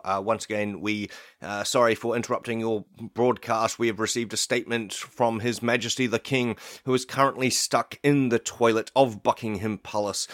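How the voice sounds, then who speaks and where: A man voicing a flustered male news anchor who stumbles through a fast, mock-urgent bulletin. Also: fairly low pitch, a bit bright, dry recording, clean studio sound, lightly acted.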